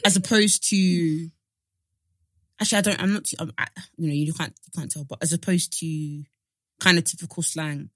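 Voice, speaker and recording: Young woman, excitable podcast chat, lowish voice. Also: normal speed, no echo, studio quality. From East London. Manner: animated, trips over her words. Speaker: podcast co-host. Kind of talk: casual chat.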